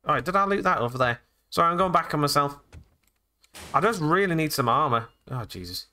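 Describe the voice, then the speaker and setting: Bright, lively man doing game commentary. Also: medium pitch, fairly quick, pauses often. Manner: chatty, jokey, talks to game characters. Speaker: gaming channel host. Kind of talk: let's play commentary.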